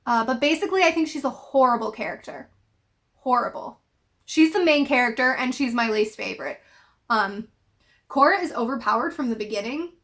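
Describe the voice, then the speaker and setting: A young woman giving an opinionated, emphatic video commentary, pausing often with ums. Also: fairly high pitch, lively intonation, a bit bright. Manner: critical, emphatic, with frequent ums. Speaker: video essayist.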